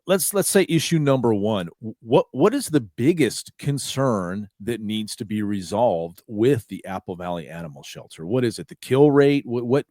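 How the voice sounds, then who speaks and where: A man's voice: mid-range voice, a little mellow, dry recording, clean studio sound. A man hosting a local podcast, asking questions in a casual, reassuring way with frequent repetitions. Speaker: podcast host. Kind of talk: casual interview conversation.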